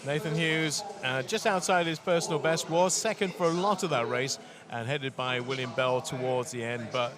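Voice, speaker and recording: A man commentating live on a swimming race, lively and full of times and stats. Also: medium pitch. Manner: lively, quick-talking, stats-heavy. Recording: loud crowd in the arena. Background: crowd noise.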